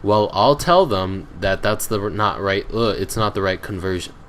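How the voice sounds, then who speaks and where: Teen male channel host, deep voice, loose irritable ramble full of ums and uhs. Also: lively intonation, moderate pace, slight background noise. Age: teens. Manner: rambling, hesitant with many fillers; irritable, grumbling. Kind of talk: casual chat to viewers.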